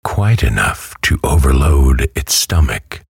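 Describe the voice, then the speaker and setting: A man narrating a classic novel as a bedtime story in a calm, soothing way. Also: rumbling low, slow, gravelly, husky, no room sound, clean studio sound. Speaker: audiobook narrator.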